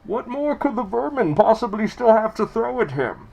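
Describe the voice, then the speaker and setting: A man's voice: big pitch swings, normal speed, creaky, darkish tone, heavily acted. A man putting on a muffled, menacing masked villain's voice to read game text dramatically, with a strained timbre. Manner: theatrical, booming, menacing reading.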